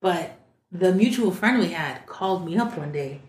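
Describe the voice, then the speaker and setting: A woman with a fairly low voice tells a casual story as a podcast guest, jumping up into other voices whenever she quotes someone. She sounds animated throughout. The room around her is echoey. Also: moderate pace. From Texas. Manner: animated, acts out quoted lines in raised voices.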